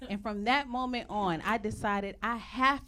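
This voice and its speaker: A woman's voice: mid-range voice, unhurried, pushed and bright. A woman, doing brash, profane live stand-up comedy. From Texas, USA. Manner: brash, profane, punchy storytelling. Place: stage at a live comedy show. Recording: live room with crowd and noise. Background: audience laughing and reacting.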